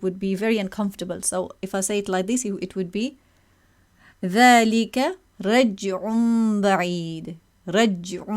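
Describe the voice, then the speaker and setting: Woman teacher, patient explainer, mid-pitched voice, recites examples between explanations. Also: darkish tone. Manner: patient, explaining slowly and demonstrating sounds. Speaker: tajweed teacher. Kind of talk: online lesson with recitation examples.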